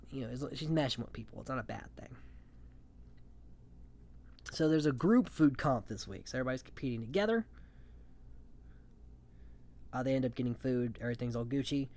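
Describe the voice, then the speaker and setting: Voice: mid-range voice, darkish tone. A podcast host recapping a reality show in casual, rambling chat, giving strong opinions with lots of filler words. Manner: rambling, opinionated, heavy on "you know" fillers.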